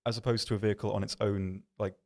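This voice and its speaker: A man hosting a game livestream from an office, answering viewer questions in a rambling, self-deprecating way with many pauses and restarts. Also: fairly low pitch, level tone, gravelly. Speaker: stream host. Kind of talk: casual livestream chat reading viewer questions.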